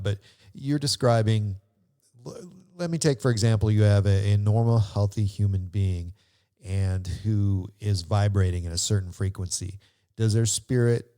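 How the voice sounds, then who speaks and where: A man's voice: lowish voice, warm tone. A man hosting an interview who asks curious questions and thinks them through aloud. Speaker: podcast host. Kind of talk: interview conversation. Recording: long reverb.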